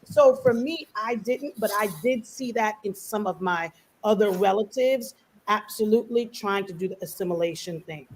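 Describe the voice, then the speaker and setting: Woman panelist, Belizean-American, chatty and animated, lots of fillers. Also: medium pitch, moderate pace, rough recording. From United States, Belizean family. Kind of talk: casual panel discussion.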